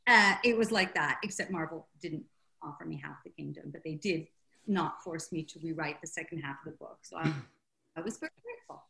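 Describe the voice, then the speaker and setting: A woman's voice: sits low, brisk, gravelly, bright, forceful tone. An older woman author telling a long anecdote in an interview, chatty and self-deprecating, laughing often. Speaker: author guest. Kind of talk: interview storytelling.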